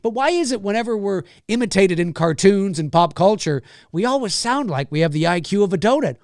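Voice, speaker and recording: Canadian male live-show host, rambling, animated, slightly high voice, dry sound. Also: fairly quick, no echo. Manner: rambling, animated, swears freely. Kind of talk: casual live-stream chat.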